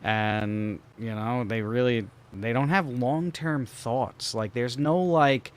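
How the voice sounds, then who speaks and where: A man's voice: mid-range voice, unhurried, few pauses, clean tone. A man co-hosting a podcast in casual chat, rambling and hesitant, often trailing off mid-thought. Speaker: podcast co-host.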